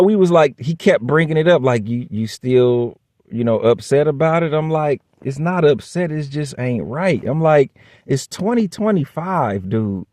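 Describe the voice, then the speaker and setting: A man's voice: medium pitch, a little mellow, no room sound, clean studio sound. A man casually telling a workplace story straight to the camera, blunt and profane, acting out both sides of the dialogue. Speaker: vlogger.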